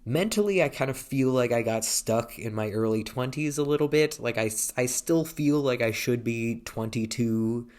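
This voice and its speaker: A man's voice: mid-range voice, darkish tone. A man in his thirties talking casually to a handheld camera, hesitant and rambling, with many restarts. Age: 30s. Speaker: vlogger. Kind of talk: casual vlog talk.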